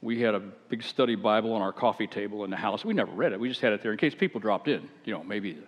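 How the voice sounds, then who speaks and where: A man's voice: lowish voice, fast. A man preaching a conversational sermon, chatty and rhetorical, with wry asides and self-deprecating stories. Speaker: pastor. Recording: echoey hall, dull lo-fi sound.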